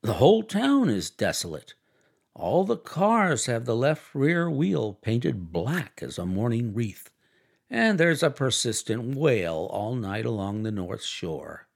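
A man's voice: medium pitch, very animated, slow, creaky, slightly rough, full character voice. A man voicing a wistful young society wife who talks in a breathless, effusive, theatrical way. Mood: ecstatic.

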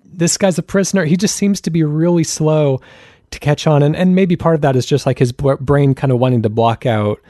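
Mellow-voiced man in dry podcast chat. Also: on the high side, fairly quick, dry recording. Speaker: podcast co-host. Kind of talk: casual chat.

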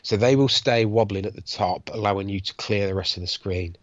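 Speaking fairly quickly in a low-leaning voice, an English man co-hosts a podcast, casually discussing arcade games and reading tips in a jokey way. There's no echo, and the sound is dull, lo-fi, and dry.

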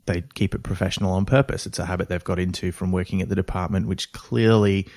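A man's voice: low-pitched, fairly even intonation, fast talker, darkish tone. A man chatting as a podcast guest, a writer and voice actor, easygoing and laughing often, playfully dodging questions. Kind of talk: casual chat.

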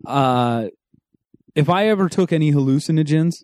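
A man co-hosting a podcast in casual chat, rambling and animated, correcting himself as he goes. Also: a little high, normal speed, dry recording, studio quality. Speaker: podcast co-host.

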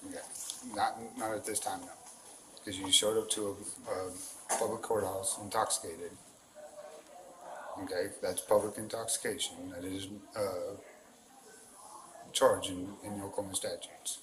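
Halting police officer on bodycam. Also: male voice, low-pitched, steady tone. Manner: halting, repeats words and "okay". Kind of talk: bodycam arrest exchange. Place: indoor courthouse hallway. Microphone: body camera. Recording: echoey hall with noise.

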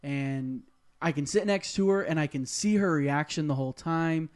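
Young male co-host, eager and chatty, slightly high-pitched. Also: normal speed. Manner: enthusiastic, gushing, lots of fillers. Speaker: podcast co-host. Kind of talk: casual live chat.

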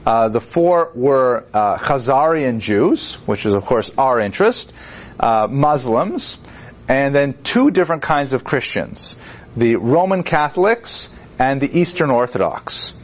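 A man lectures to a class in a loose, rambling way, full of fillers and restarts. He sits at an ordinary middle pitch and now and then acts out quoted figures with wry humor. The recording is dull and lo-fi, as if taped in a classroom. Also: big pitch swings, unhurried. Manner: digressive, conversational, with many fillers and restarts. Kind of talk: university lecture.

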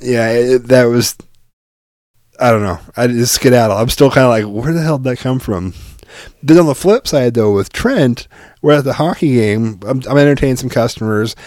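A man's voice: medium pitch, moderate pace, darkish tone, dry recording, clean studio sound. A middle-aged man from Oregon, a podcast co-host, telling a casual, profane family story with lots of fillers.

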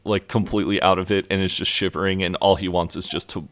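A man's voice: low voice, steady tone, fast talker, fairly bright tone. A man co-hosting a podcast, recapping a TV episode in a laid-back, amused way and swearing freely. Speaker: podcast co-host.

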